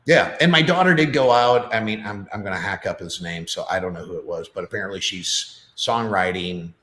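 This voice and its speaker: Low-voiced rambling man, roomy echo. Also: fairly quick, a bit bright. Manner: rambling, chatty, many fillers. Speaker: podcast guest. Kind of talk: casual chat.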